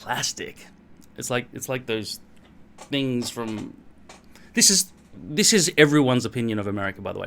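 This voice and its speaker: A man's voice: on the low side, vocal fry, fairly bright tone, a little hiss or hum. A middle-aged Australian man vlogging at home in a rambling, blunt, self-mocking way, swearing freely. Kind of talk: casual rambling monologue to camera.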